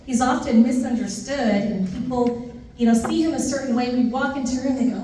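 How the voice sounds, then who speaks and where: A woman's voice: high voice, fairly quick, dark tone, slight background noise. A woman in her thirties from the United States giving a heartfelt formal thank-you speech at a ceremony, listing names and telling light, funny stories. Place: large indoor ceremony room. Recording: distant mic in a reverberant hall.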